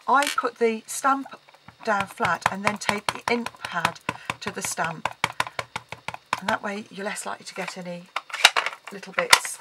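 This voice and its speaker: A woman talks through a card-making project at her craft table, in an easy, chatty way with plenty of ums. Her voice sits at an ordinary middle pitch for a woman. A loud, steady noise runs under the whole recording. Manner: chatty, explaining while working, frequent ums. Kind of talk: casual craft tutorial.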